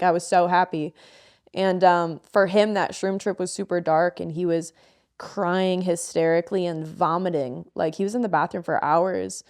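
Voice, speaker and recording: Candid woman telling a raw story, lowish voice. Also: darkish tone. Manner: emotional, frank storytelling with frequent swearing. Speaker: podcast co-host. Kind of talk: candid podcast conversation.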